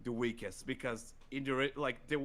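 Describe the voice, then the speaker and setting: A man hosting a casual podcast chat, ranting excitedly with lots of fillers. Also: medium pitch, normal speed. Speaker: podcast host.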